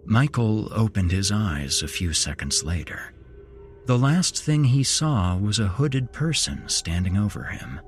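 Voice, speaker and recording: A man narrating a horror story in a slow, measured storytelling manner as podcast host. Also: on the low side, big pitch swings, faint music behind.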